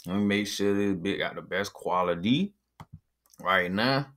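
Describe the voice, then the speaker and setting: With music playing in the background, a man hosts a reaction video, chattering loosely in slang and often asking if you feel him. His low voice is a bit bright and he speaks at a measured pace.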